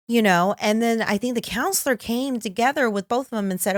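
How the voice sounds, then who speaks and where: A woman's voice: mid-range voice, expressive, a little fast, hardly any pauses, dry recording, clean studio sound. A middle-aged woman co-hosting a podcast, chatting and acting out quoted voices. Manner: conversational, acts out quoted voices. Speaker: podcast co-host. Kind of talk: casual chat.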